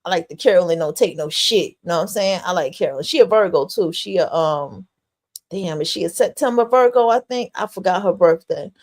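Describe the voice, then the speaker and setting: A woman's voice: fairly low pitch, brisk, a little mellow. A woman hosting a podcast, giving blunt, profane live reaction commentary in loose slang. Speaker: podcast host.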